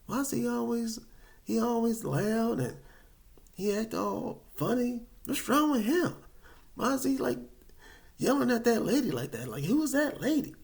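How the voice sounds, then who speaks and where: A man voicing nosy grocery-store onlookers who gossip in disbelief, loud and incredulous. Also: very high voice, sing-song, a little slow, vocal fry, voice pushed up, heavily acted.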